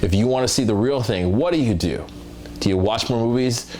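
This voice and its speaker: A man's voice: medium pitch, fairly quick, a little mellow, slight background noise. A young adult man hosting a casual reaction talk as a dating coach, loose and chatty with many fillers.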